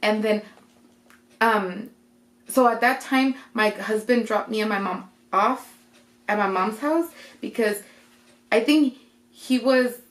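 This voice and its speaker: A young woman vlogger casually telling a personal story, retelling it with lively quoted voices. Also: a little high, slow pace, long pauses. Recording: roomy echo.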